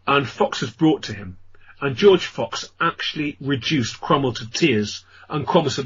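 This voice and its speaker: Husky-voiced English storyteller on radio. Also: male voice, mid-range voice, moderate pace, fairly bright tone. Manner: rambling anecdotal storytelling with many fillers. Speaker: ghost tour guide and storyteller. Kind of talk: radio interview guest. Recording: dull lo-fi radio audio.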